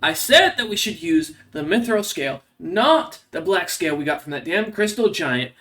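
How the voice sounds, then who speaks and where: A towering gray-skinned monster hunter in a tabletop game, gruff and blunt, as a game master puts him on. His voice sits higher than the narration and jumps around as he questions strangers. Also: big pitch swings, normal speed, pushed and bright, full character voice. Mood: questioning.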